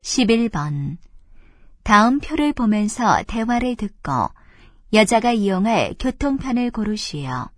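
A woman reading exam question instructions in a brisk, formal announcing manner. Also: mid-range voice, sing-song, dry recording, clean studio sound. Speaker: exam narrator.

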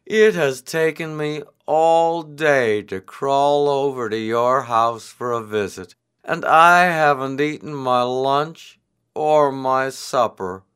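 Man doing a slow weary turtle. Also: medium pitch, fairly bright tone, clean tone. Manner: slow and drawn-out. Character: slow, weary, patient old male turtle.

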